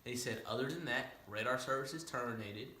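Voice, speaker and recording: A man, a student pilot, telling a story in a casual way, rattling off radio calls in quick aviation jargon and explaining the terms. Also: medium pitch, bright, forceful tone, reverberant, slight background noise. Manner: explains terms to a listener, often asking "right?".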